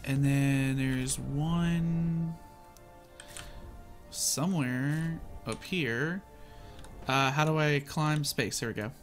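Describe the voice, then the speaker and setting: A man giving casual, excitable commentary as he plays a video game and narrates his own moves. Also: a little high, drawn-out words, long pauses, faint music behind. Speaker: gaming channel host.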